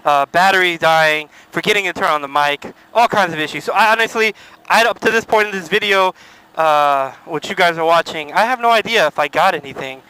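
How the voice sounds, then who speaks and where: Laid-back young guy vlogging, bright voice. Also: high-pitched, a little fast, clean tone, poor audio. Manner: laid-back, swears casually. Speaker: motorcycle vlogger. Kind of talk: casual vlog chat.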